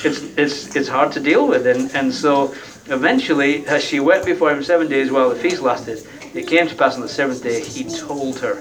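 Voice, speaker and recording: A man's voice: medium pitch, normal speed. Folksy preacher man, slightly distant mic. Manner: conversational, folksy, with frequent rhetorical tag questions. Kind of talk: sermon.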